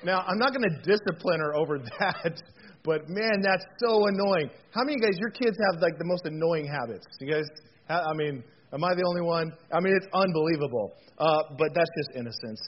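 A man with a high voice delivers a relaxed, conversational sermon. He talks in a chatty, animated way and keeps asking the room questions. The recording sounds dull and lo-fi, with a faint hiss under it. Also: fairly quick. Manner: chatty and animated, with frequent fillers and rhetorical questions. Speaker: pastor.

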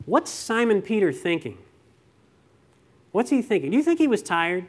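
A man's voice: high voice, animated, normal speed. A man preaching a sermon, reading scripture and then talking conversationally to the congregation with rhetorical questions and stories.

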